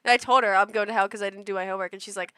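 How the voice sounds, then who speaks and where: A young woman streamer telling a story to her live chat in an animated, rambling way, restarting often and acting out what people said. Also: mid-range voice, very fast, clean tone, no echo. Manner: animated and rambling, with frequent restarts, laughs and acted-out quotes.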